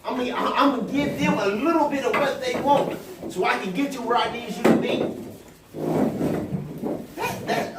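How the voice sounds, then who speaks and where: A pastor leading a Bible study preaches to a group in a church room, exclamatory and call-and-response. His voice is high and his pace moderate. The distant mic picks up roomy echo and background noise.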